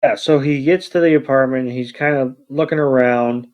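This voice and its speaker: A man co-hosting a podcast, recapping a film in unhurried, halting, casual narration. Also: medium pitch, steady tone, a little mellow. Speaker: podcast co-host. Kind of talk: casual movie recap chat. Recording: dull lo-fi podcast audio.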